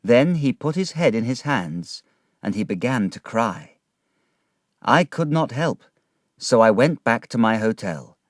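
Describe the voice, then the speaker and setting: Slow, lively storybook narrator man. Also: mid-range voice, no echo, studio quality. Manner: slow, clear, careful. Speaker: reader of graded stories.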